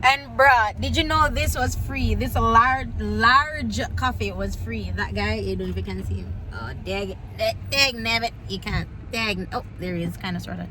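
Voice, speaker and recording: A woman's voice: on the high side, normal speed, hardly any pauses, slight background noise. A young woman from Jamaica with a Jamaican accent, chatting casually in a travel vlog and slipping into patois when she tells stories. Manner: chatty, animated storytelling with patois quotes. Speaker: vlogger. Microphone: phone.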